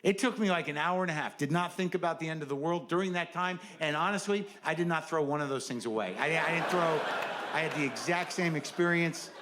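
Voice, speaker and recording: A man's voice: a little high, brisk, a bit bright. A middle-aged man doing a stand-up comedy set, rambling and self-deprecating, full of nervous "you know" asides. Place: comedy stage before a live audience.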